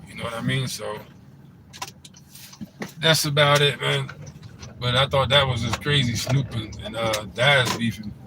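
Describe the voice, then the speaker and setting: A man talks through a casual commentary monologue in a relaxed, rambling way, circling back on his points and leaning on conversational filler. His voice sits in an ordinary middle register. A clear layer of background noise, like a running car, runs behind him. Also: medium pitch, measured pace, pauses often. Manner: laid-back, rambling, frequent "you know what I'm saying". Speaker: host of a commentary channel.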